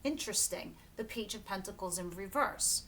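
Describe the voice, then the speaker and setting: Brief: woman tarot reader, casual and emphatic, salty language, faint rumble under her. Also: lively intonation, moderate pace, a bit bright. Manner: chatty and emphatic, swears freely, laughs often. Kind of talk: casual tarot reading to camera.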